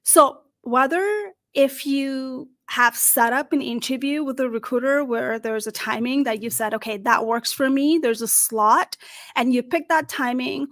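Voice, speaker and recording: Woman coach, high voice, animated and emphatic, dry close sound. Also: unhurried, dry recording. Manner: animated, emphatic, acts out little phone calls. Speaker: career coach. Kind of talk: direct-to-camera advice talk.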